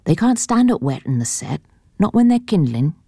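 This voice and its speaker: A woman voicing a humble, cheeky village lad who poaches, speaking in in a hushed, deferential way. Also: on the low side, sing-song, normal speed, husky, no echo, studio quality, full character voice. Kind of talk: audiobook character voice.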